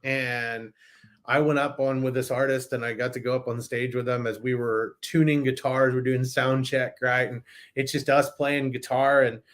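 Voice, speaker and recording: A man as a guest in a casual interview, telling stories in an animated way with frequent restarts. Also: mid-range voice, normal speed.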